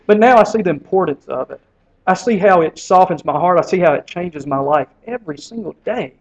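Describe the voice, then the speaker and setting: A man's voice: on the high side, fast talker. A man leading a men's Bible study, speaking earnestly and stumbling over repeated words as he pushes his point. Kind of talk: casual exhortation. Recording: dull lo-fi recording.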